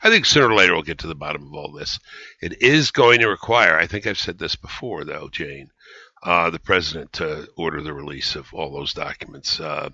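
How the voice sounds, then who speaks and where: A man's voice: low voice, fairly quick, vocal fry, bright, forceful tone, no room sound. A man hosting a podcast, rambling and emphatic in conversational political commentary, with many restarts. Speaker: podcast host. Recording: dry, slightly dull studio sound.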